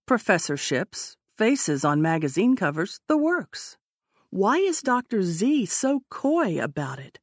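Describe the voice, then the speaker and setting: A woman narrating an audiobook in a measured, expressive way. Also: medium pitch, no echo, clean studio sound.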